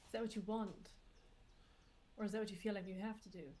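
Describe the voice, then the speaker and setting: A woman's voice: medium pitch, fairly even intonation, fast talker, warm tone. Coaxing woman player in character. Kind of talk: in-character tabletop roleplay.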